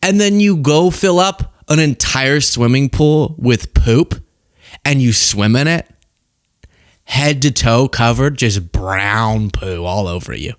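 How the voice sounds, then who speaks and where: A young man hosting casual political commentary, animated and jokey, laughing at his own rhymes. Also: medium pitch, takes it slowly, smooth, no room sound, clean studio sound.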